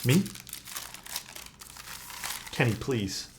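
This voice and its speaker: A man casually chatting as a live streamer while building a keyboard, rambling and relaxed, often saying "dude". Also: mid-range voice, extremely slow, a little hiss or hum. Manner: laid-back, rambling, peppered with "dude" and "like".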